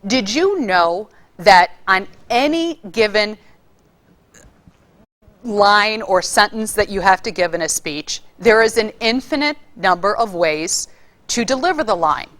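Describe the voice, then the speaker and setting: A woman giving a casual spoken lesson on public speaking, showing different ways to deliver lines with lively shifts in emphasis. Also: mid-range voice. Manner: lively, demonstrates vocal delivery with varied emphasis.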